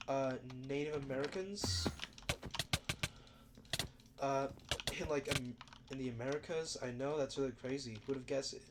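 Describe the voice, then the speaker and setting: Stuffy-nosed gamer over loud typing. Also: medium pitch, noisy background. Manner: rambling, with many fillers. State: stuffy nose. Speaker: gaming video creator. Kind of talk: casual commentary over gameplay. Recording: loud keyboard typing and clicks.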